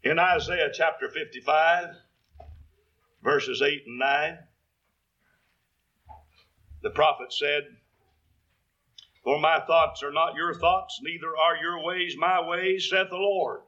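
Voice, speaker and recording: A man's voice: on the high side, fairly even intonation, takes it slowly, pauses often, sharp tone, muffled recording. A man preaching a sermon, quoting scripture in King James wording and building to emphatic peaks.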